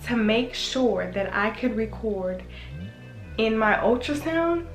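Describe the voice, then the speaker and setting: A woman's voice: a little high, animated, takes it slowly, reverberant, faint music behind. A young woman vlogging casually, chatting straight to her viewers with lots of filler words. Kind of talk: casual vlog chat to viewers.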